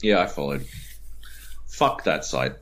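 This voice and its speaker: A man's voice: rumbling low, animated, slow pace, a bit bright, a little hiss or hum. A man co-hosting a casual podcast chat, ranting in a heated, profane way. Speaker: podcast co-host. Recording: dull lo-fi audio.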